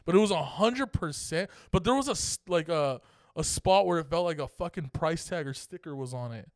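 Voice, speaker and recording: Smooth-voiced young man, profane storyteller. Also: on the high side, lively intonation, a little fast, no echo, studio quality. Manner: profane, rambling, laughing as he talks. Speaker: podcast co-host. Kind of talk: casual storytelling chat.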